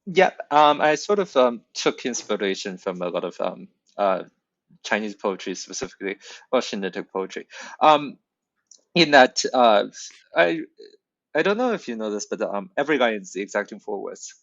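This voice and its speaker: A man whose first language is not English, explaining his writing with frequent ums and careful, halting phrasing. His low voice has a gravelly fry, and the recording sounds dull and lo-fi in a dry space. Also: big pitch swings, a bit bright, dry recording. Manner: hesitant, many ums, thoughtful. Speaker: poet in a workshop. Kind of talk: casual discussion.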